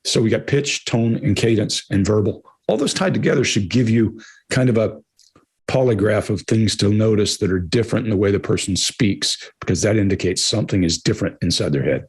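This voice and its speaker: A man co-hosting a live Q&A, talking fast and explaining things, with a hoarse voice. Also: on the low side, expressive, darkish tone. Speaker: co-host answering viewer questions. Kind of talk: live Q&A talk.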